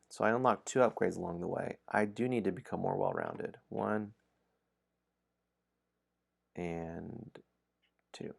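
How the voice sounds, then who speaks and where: A man with a low-pitched, fry-tinged voice streams a dice game, casually chatting with his audience. He reads out passages of the story at ease, frequently chuckling between lines.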